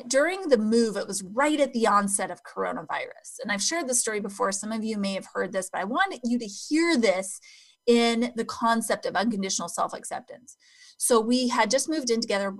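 A middle-aged woman coaching an audience on self-acceptance, telling a personal story in an earnest, heartfelt way that slows and softens at tender moments. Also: fairly high pitch. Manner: earnest and heartfelt, slowing down and going soft and quiet at tender moments.

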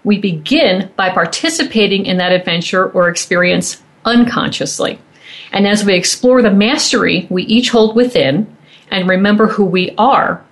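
A woman radio show host in a measured, admiring tone, reading a prepared introduction for her guest. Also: mid-range voice. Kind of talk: scripted interview introduction.

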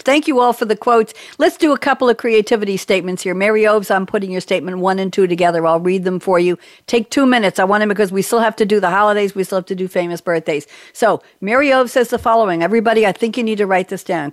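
A woman hosting a talk show, effusive and quick to laugh. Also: medium pitch, dry recording, studio quality. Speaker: show host.

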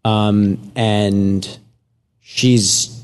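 A man, an actor guest on a radio show, telling stories in a relaxed, easygoing way. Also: lowish voice, drawn-out words, clean tone. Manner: relaxed storyteller with fillers and soft laughs. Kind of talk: casual interview chat.

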